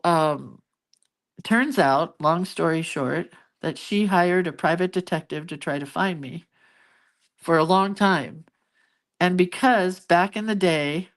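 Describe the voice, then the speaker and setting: A middle-aged woman telling a personal story in a casual, rambling way, full of asides. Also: lowish voice. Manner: chatty, rambling, with many asides. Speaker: crafting vlogger.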